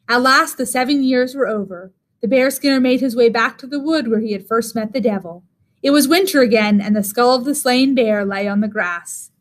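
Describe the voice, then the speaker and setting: Woman teacher narrating a fairy tale, slightly high voice, measured pace. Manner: measured, expressive. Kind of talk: reading a story aloud.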